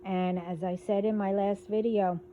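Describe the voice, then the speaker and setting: A woman hosts a casual spiritual video monologue, rambling and halting as she delivers warnings, and she has hiccups. Her medium-pitched voice is steady and warm, with a little hiss or hum in the recording.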